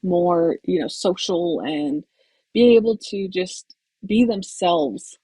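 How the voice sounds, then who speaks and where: A woman basketball coach talking in a soft-spoken, reserved way about her team in a casual conversation. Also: lowish voice, slow, husky, no room sound, poor audio.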